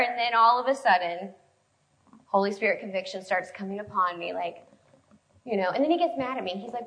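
A woman preaching a sermon in a conversational, storytelling way, with sudden swings in loudness. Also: mid-range voice, normal speed, poor audio. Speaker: preacher speaking to a women's group.

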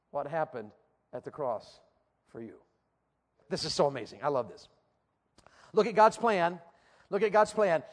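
A man preaching a sermon to teenagers, asking emphatic, repeated rhetorical questions. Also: high voice. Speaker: youth preacher. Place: church platform before a youth audience.

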